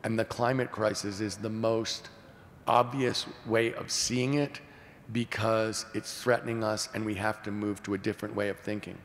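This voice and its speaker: A man in his sixties, a presidential candidate answering questions at a forum in an earnest, measured way. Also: little pitch movement. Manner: earnest, measured, repeats key phrases. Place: large hall at a public forum. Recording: echoey hall, faint rumble.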